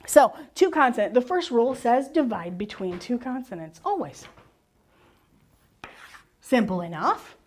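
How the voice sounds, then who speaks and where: Speaking unhurriedly with long pauses, a woman whose voice sits a little high teaches spelling and syllable rules to a class. She stays lively and encouraging, answering the very questions she raises.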